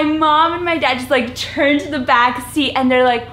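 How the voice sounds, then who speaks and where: A young woman chatting as a guest on her best friend's vlog, giggly and lively. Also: high-pitched, normal speed. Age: young adult. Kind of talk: casual chat with a friend. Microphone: camera mic. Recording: echoey room with faint noise.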